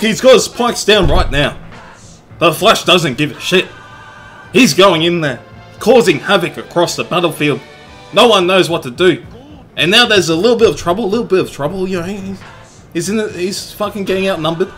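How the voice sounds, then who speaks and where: A man giving energetic, joking gameplay commentary, full of swearing and bursts of excitement. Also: sits high, normal speed. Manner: energetic, jokey, profane. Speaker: game commentator. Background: faint background music.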